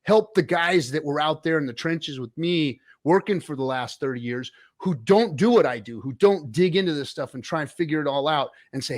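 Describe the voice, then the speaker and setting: A man's voice: fairly high pitch, normal speed, hardly any pauses. A man hosting a casual chat show. He talks in a folksy, rambling way and trails off with fillers. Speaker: host.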